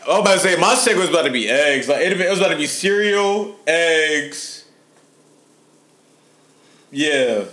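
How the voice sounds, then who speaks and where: A man hosts a loose podcast conversation, talking in easy slang and breaking into laughs. His voice is mid-pitched but very animated, rising and falling a lot. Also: normal speed, long pauses. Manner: laid-back, slangy, laughs often. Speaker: podcast host. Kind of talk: casual chat.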